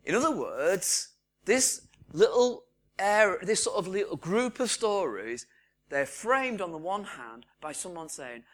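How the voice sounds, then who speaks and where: A man preaching a sermon, retelling the story with lively quoted voices. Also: sits high, a little slow.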